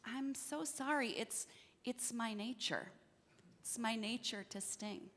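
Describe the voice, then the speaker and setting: A woman voicing a scorpion in a spoken fable, softly apologetic about its nature to sting. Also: high-pitched, expressive, takes it slowly, slight background noise, full character voice. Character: pleading scorpion that can't help stinging. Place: church sanctuary. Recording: church hall reverb.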